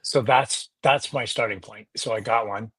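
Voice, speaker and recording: An easygoing man from Canada chats as a guest on a livestream, agreeing often. His voice is a bit husky and mid-pitched. The recording is dry. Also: moderate pace, fairly bright tone, no room sound. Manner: easygoing, agreeable, many "yeah"s. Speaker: guest caller. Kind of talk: casual chat.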